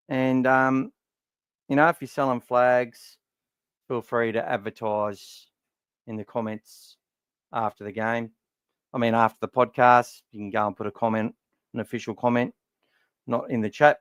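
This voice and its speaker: A man's voice: mid-range voice, clear, resonant tone, no echo. A middle-aged Australian man hosting a casual fan podcast from home, rambling and swearing, his voice worn from talking all day. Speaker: podcast host. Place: warm room at home.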